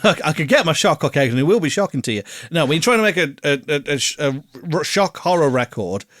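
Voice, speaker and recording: A man, co-hosting a casual album review podcast, animated, swearing freely and laughing often. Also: a little high, quick pace, no echo, clean studio sound. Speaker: podcast co-host.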